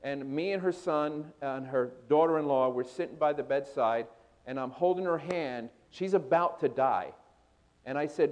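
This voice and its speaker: A man preaching a sermon as a pastor. He questions the congregation and moves between loud emphasis and hushed storytelling. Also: a little high, moderate pace.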